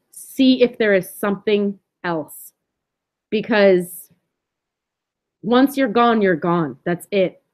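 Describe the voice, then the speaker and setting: A woman's voice: mid-range voice, lo-fi sound. A woman hosting a livestream, reading chat comments and speaking bluntly and candidly. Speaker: livestream host.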